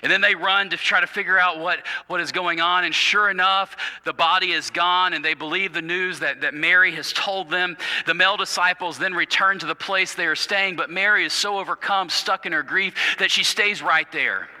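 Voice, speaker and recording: Pastor, male, bright ringing voice, tells the story with dramatic hushes and stumbles, recorded in a big echoing sanctuary. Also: high voice, steady tone, normal speed, few pauses. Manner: stumbles and repeats words. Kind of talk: sermon. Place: church sanctuary. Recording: reverberant church hall.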